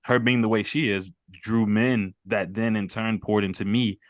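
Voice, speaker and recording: A man hosts a mental health group call, speaking earnestly and rambling, repeating words and laughing off his emotions. His voice is fairly low with fairly even intonation at a moderate pace, studio quality with no room sound.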